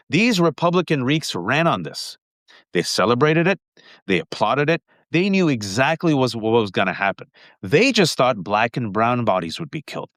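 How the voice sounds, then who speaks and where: A middle-aged man with a New York accent hosting a live political commentary stream, talking rapid-fire and emphatic, calling his viewers folks. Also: mid-range voice, a bit bright, no room sound, studio quality. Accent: New Yorker. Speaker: political commentator and show host.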